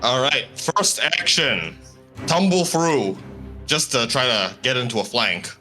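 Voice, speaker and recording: A man's voice: medium pitch, expressive, slow pace, pushed and bright, soft background music. Playful guy at a tabletop game, voice jumps around a lot. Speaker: player. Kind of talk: casual game talk.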